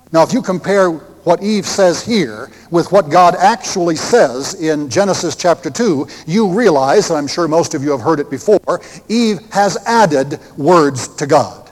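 A man's voice: on the high side, lively intonation, a little slow, few pauses. A man preaching a sermon, emphatic and full of rhetorical questions. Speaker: pastor. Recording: long hall reverb.

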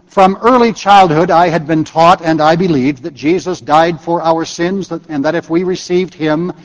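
A man with a high voice preaching a sermon, unhurried and deliberate, and sinking to a quiet hush on his key points. His words carry a long reverb, as though spoken in a large hall. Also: lo-fi sound. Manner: measured, dropping to soft emphatic low tones at key phrases.

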